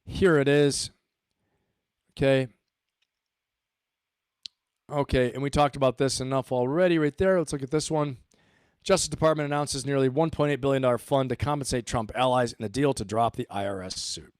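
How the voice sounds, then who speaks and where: A man's voice: medium pitch, normal speed, long pauses, smooth, no room sound, studio quality. A man hosting a livestream, giving emphatic commentary and repeating his points for stress. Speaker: host.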